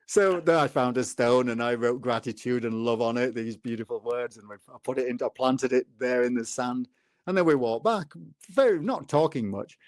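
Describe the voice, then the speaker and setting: A man in his fifties, a guest telling personal stories in a relaxed conversation and acting out the dialogue. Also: moderate pace, no room sound, clean studio sound. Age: 50s. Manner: animated storyteller, acts out dialogue with lively pitch jumps. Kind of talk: casual storytelling in a conversation.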